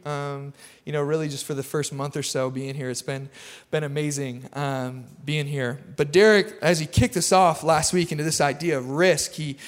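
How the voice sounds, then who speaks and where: High-voiced chatty male preacher. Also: in a large hall. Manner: energetic, chatty, self-deprecating humor. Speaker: pastor. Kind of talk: casual sermon. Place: church auditorium.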